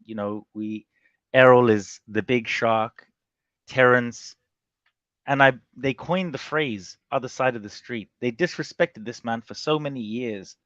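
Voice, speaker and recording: A man's voice: medium pitch, unhurried, no room sound, muffled recording. Rambling man on a panel call. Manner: animated, rambling, with many restarts. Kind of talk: casual chat on a boxing panel show.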